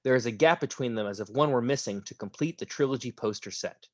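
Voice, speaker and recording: A man's voice: medium pitch, quick pace, no echo. A man reading the stage directions aloud in a casual table read over a video call. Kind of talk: script narration at a table read.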